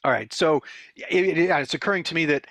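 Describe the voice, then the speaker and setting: A man's voice: on the high side, fast talker, vocal fry, fairly bright tone, dry recording, studio quality. A man hosting a tech business interview, talking conversationally with frequent fillers and restarts. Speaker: interview host.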